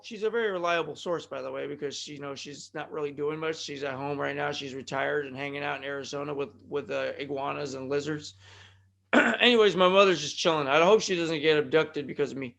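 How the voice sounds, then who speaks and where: High, bright-voiced rambling podcast host man. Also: vocal fry. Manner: joking, self-deprecating, rambling with tongue-tied restarts. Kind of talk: rambling solo podcast monologue. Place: California.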